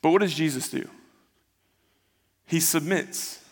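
A pastor with a fairly high voice preaches slowly, retelling the story conversationally and acting out the quotes. A long hall reverb surrounds the recording.

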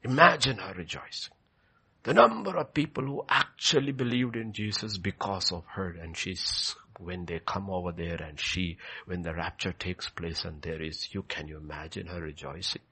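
This male pastor delivers a sermon with emphasis, repeating key phrases as he swings between loud declarations and quiet, low stretches. His pace is moderate and his voice has a breathy edge.

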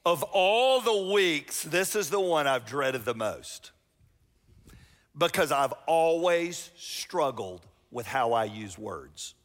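A man's voice: a little high, sing-song, slow pace, a bit bright. A middle-aged man, preaching a sermon as pastor in a chatty, self-mocking storytelling way. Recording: long reverb of a church hall.

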